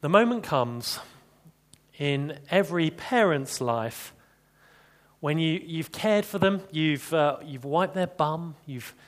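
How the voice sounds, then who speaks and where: A man's voice: on the high side, expressive, slow. A man preaching an expository sermon, chatty, with rhetorical questions and dry humor.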